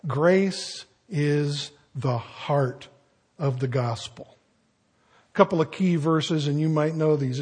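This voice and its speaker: A man's voice: on the high side, a little mellow, slightly rough. A man preaching a sermon, reading scripture and breaking off into folksy, conversational asides.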